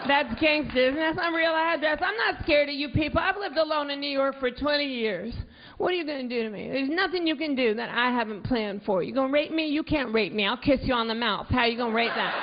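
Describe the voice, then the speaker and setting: A woman doing a stand-up comedy set with a defiant manner, shouting her punchlines. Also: sits high, a little fast, noisy background. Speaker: stand-up comic. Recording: muffled club recording with crowd.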